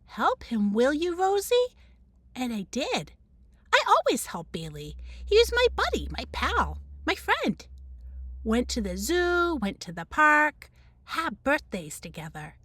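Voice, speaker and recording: A woman reads a children's novel aloud with lively, storybook expression. Her voice is on the high side and leaps around in pitch. She takes her time, and the recording is dry and close. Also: measured pace, no echo. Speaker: teacher.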